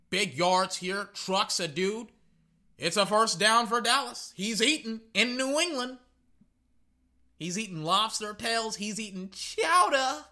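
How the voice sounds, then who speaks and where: Reacting live to a football match as a fan commentator, this man rambles casually, gets worked up, and says things more than once. He speaks in a high voice.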